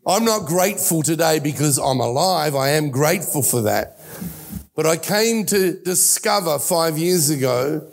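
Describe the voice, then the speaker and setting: A man in his sixties with an Australian accent preaches in an earnest, personal way, stopping now and then to restart a thought. His voice sits a bit high for a man and has a gravelly edge. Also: expressive, unhurried. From Italy. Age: 60s. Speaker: pastor. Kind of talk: sermon.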